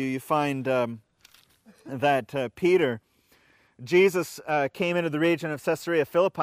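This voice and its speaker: A man's voice: a little high, dry recording, clean studio sound. A man, a pastor, preaching a conversational sermon and reading scripture aloud, often restarting his words and asking the congregation questions.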